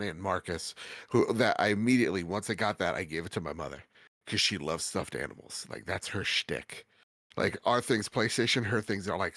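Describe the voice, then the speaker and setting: A man co-hosts a podcast in casual chat, speaking in a heartfelt, rambling way with many restarts and a stuffy nose. His voice sits low with a fairly bright tone, and there's no room sound.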